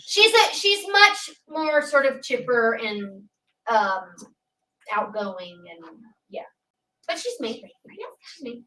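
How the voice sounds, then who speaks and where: A woman's voice: a little high, animated, takes it slowly, sharp tone. A middle-aged woman from the American South, a voice actor, chatting on a panel in a wry, self-deprecating way. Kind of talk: casual panel chat. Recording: far off in an echoey room.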